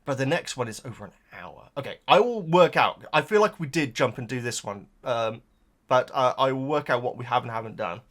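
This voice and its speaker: Speaking fairly quickly in an expressive mid-range voice with a fairly bright tone, a YouTube reaction host chats to the camera. He rambles and hesitates, repeating words and using lots of fillers, and seems emotional, almost crying.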